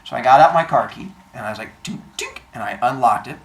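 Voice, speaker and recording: A man telling a personal story in a casual way, acting out the other people's lines in an animated manner. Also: mid-range voice, fast. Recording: roomy echo, faint noise.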